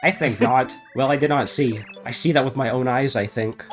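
A man reads mangled game text aloud over a live stream, deadpan and theatrical by turns. His pitch and pace sit in an everyday middle range. Faint game music plays under him. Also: brisk. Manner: reads deadpan, breaks into laughter. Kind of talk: comedic dramatic reading of garbled game dialogue.

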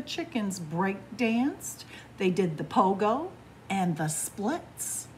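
Animated woman reading a picture book aloud. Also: medium pitch, takes it slowly, a little hiss or hum. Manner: animated, playful storytelling. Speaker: children's librarian.

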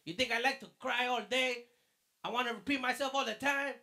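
High gravelly man teaching kids. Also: fairly even intonation, fairly quick, bright, forceful tone. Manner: fatherly, calls the listener mijo. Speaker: children's church teacher. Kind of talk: children's lesson and quiz. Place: church.

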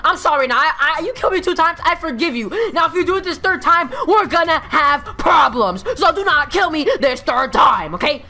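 High, bright, excitable young-sounding man. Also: brisk, hardly any pauses. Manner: excitable, shouts often, says "bro" constantly. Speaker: streamer being pranked. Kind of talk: live-stream gaming chat.

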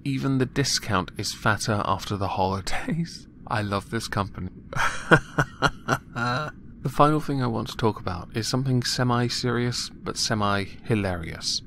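A man's voice: medium pitch, gravelly, a bit bright, slight background noise. A man giving casual, mocking commentary on news stories, sarcastic and chuckling at his own jokes. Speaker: commentary vlogger.

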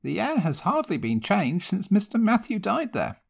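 A fretful old housekeeper pleads in a raised, fluttering voice, as a male storyteller puts her on. She sounds anxious and fussing, and her pitch climbs well above the narration. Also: wildly swooping pitch, normal speed, creaky, full character voice.

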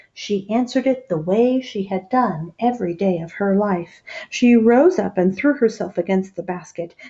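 A woman's voice: mid-range voice, mellow. A woman reading a picture book aloud, adding explaining asides for young listeners. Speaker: storybook reader. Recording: dull lo-fi recording.

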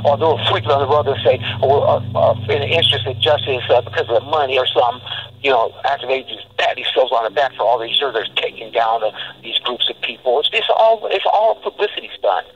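A man's voice: medium pitch, fairly bright tone, highs cut off, slight background noise. A man speaking as a criminal defendant in a heated monologue, agitated and stumbling over many restarts.

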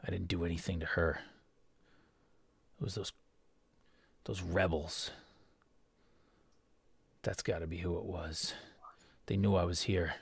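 A wounded, arrogant governor in a tabletop game speaks in a low, contemptuous whisper, as a man puts him on. His voice sits deep and moves slowly, and the sound is close and dry. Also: flat delivery, vocal fry, husky, no room sound, heavily acted. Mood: scornful.

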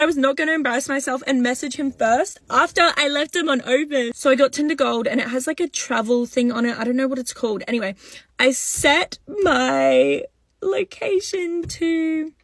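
A woman's voice: high-pitched, normal speed, no room sound. A woman vlogging casually, rambling through a story. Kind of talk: casual vlog.

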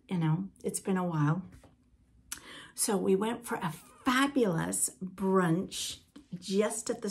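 A woman's voice: fairly low pitch, slightly rough. An older woman from Britain hosting a podcast in a casual, rambling chat with asides to the listener. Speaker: podcast host.

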